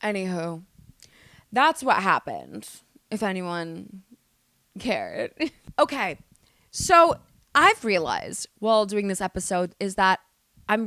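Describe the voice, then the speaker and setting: A young woman from the United States, hosting a podcast and telling stories in a loud, animated, swearing way. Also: mid-range voice, slow pace, long pauses. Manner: animated, swearing, exaggerated storytelling. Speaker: podcast host. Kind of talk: casual storytelling monologue.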